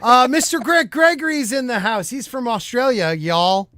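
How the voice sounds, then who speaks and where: Brief: male livestream host, high bouncy voice, teasing and jokey, dry close sound. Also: moderate pace, sharp tone, dry recording. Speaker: podcast host. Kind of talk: casual livestream panel chat.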